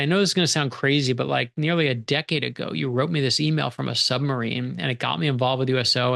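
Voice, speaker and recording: A middle-aged male author, appearing as an interview guest, tells stories with animation and acts out the quoted dialogue. His mid-range voice is creaky and slightly bright.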